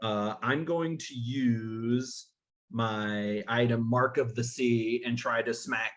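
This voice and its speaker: Slow, hesitant man at a game table. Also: mid-range voice, soft background music. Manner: hesitant, laughs often. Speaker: player. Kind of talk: casual chat during a tabletop game.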